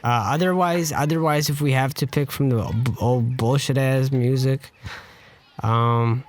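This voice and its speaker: A man's voice: mid-range voice, unhurried, a little hiss or hum. A man co-hosting a podcast, chatting casually and telling jokey stories. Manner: animated, jokey storytelling. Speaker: podcast co-host. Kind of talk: casual chat.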